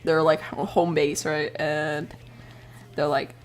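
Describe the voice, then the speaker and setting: A woman's voice: deep voice, level tone, takes it slowly, soft background music. A woman streamer casually recapping a role-play story, rambling, swearing freely and laughing often.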